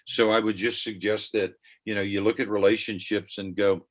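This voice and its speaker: An older man with a notably low voice talks earnestly as a podcast guest. He is reflective and conversational, drawing on personal stories. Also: level tone, moderate pace, hardly any pauses. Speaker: guest, ministry founder.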